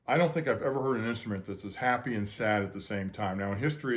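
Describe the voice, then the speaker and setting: A man, a composer, talks casually and earnestly about how he made his choral piece, wandering through asides with many fillers and restarts. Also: fairly low pitch. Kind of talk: casual spoken explanation.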